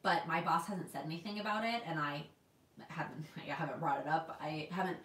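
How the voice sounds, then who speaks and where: Speaking fairly quickly in a low, fairly bright voice, this Texas-born planner vlogger in her twenties chats on a livestream from her New York home. She reads out viewer comments and often starts her sentences over, and the distant mic gives a roomy sound.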